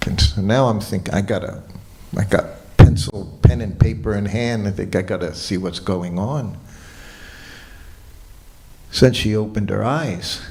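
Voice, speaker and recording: A man giving a morning lecture at a temple, telling a personal story in a relaxed way and quoting what people said. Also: on the low side. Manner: relaxed anecdotal storytelling with quoted dialogue. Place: temple hall.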